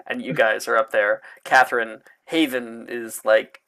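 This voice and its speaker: A man narrating a tabletop game as game master, slow and halting, full of fillers and little laughs. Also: mid-range voice, fairly even intonation, creaky, bright, forceful tone.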